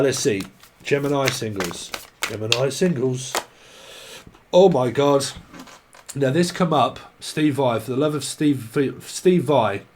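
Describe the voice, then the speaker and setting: Man, tarot reader, rambling, jokey, sweary, casual. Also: medium pitch. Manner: rambling, joking, swearing freely, bursts into song.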